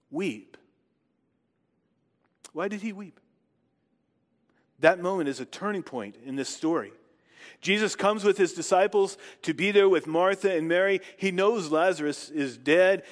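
A man reading scripture aloud and then preaching on it, reflective and posing rhetorical questions. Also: sits high. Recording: long hall reverb.

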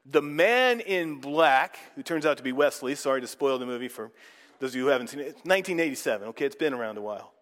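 A man's voice: on the high side, fairly bright tone, in a large hall. A man preaching a sermon in a conversational way, often putting questions to the audience.

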